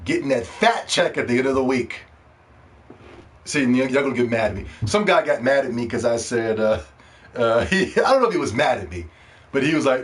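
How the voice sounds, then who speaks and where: Hosting a casual solo gaming podcast, a man jokes and rants in a loose, profane style, veering between loud excitement and quiet asides. He has a mid-range voice and talks a little fast.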